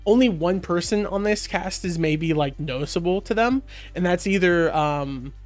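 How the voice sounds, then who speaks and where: A man's voice: high-pitched, normal speed, soft background music. A man co-hosting a podcast, chatting casually and rambling with many fillers and restarts. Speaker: podcast co-host. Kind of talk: casual chat.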